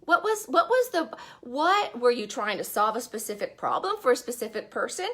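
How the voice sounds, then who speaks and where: A woman's voice: on the high side, very animated, normal speed, a bit bright. A woman giving a chatty, upbeat live-stream talk as an online business coach. She speaks from a bedroom in her house and often puts questions to her viewers.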